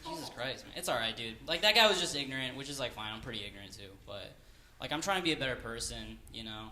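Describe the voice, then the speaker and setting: A man's voice: medium pitch, expressive, fast, a crowd in the background. A man doing a stand-up comedy set at a live venue, rambling and self-deprecating, with lots of fillers. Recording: live room with audible noise.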